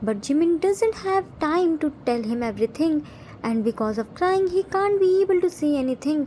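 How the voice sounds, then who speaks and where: A woman reading a fan fiction story aloud in plain, steady narration. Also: high voice, a little fast, slight background noise, poor audio.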